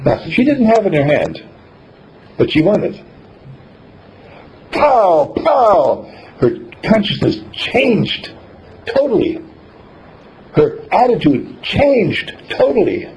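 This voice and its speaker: Gravelly, animated male storyteller. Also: on the high side, slow pace, pauses often. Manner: animated storyteller, acts out scenes. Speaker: speaker. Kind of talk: motivational storytelling talk. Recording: dull lo-fi recording, faint hiss.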